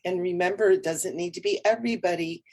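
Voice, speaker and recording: A woman co-hosting a casual spiritual livestream from home, relaxed and rambling with soft laughs, sounding a little tired. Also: lowish voice, quick pace. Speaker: co-host.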